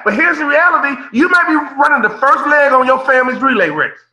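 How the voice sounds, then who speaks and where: A man's voice: very high-pitched, animated, fast, sharp tone, low-quality recording. A man in his fifties giving an impassioned keynote over a video call, preacher-like, repeating phrases and calling out listeners by name. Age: 50s. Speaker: motivational keynote speaker.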